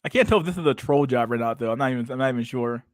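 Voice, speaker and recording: A man's voice: medium pitch, very fast, no room sound. Crude, mocking young man ranting dry. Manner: crude, mocking, rambling with many restarts and "bro". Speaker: streamer reacting to a video. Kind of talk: casual profane reaction commentary.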